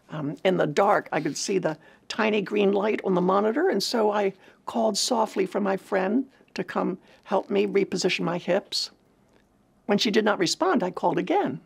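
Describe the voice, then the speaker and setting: A woman's voice: medium pitch, vocal fry, breathy edge. A woman giving an earnest personal testimony, telling her story in a reflective way. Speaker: speaker at a women's ministry event.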